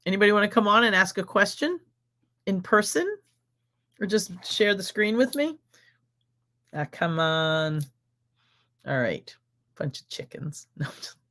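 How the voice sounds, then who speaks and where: A middle-aged woman with an American accent, talking in a bubbly, rambling way as she hosts a casual live Q&A. Her speaking pitch sits in an ordinary middle range, and she jumps from story to story with plenty of excited energy. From United States. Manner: exuberant, chatty, rambling. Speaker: host of a live stream.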